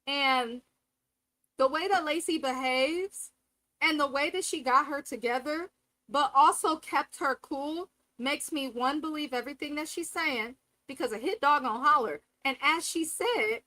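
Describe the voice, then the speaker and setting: A woman's voice: high-pitched, a little slow, bright, forceful tone, no echo, rough recording. A woman hosting a live reality TV recap, talking candidly and profanely and acting out cast members' lines. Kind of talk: live casual review commentary.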